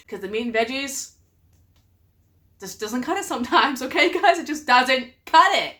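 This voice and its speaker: A young woman talks to her viewers in a bright, fairly high voice. She tells funny stories about her husband in an animated way and laughs often. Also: a little slow, slight background noise. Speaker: vlogger. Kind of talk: casual storytelling to camera.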